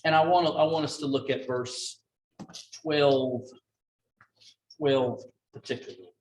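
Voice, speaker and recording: A man leading a Bible study, folksy and conversational, acting out scripture with lively quoted voices. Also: medium pitch, a little slow. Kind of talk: informal Bible study teaching. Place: church room with a group. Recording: echoey room, mic at a distance.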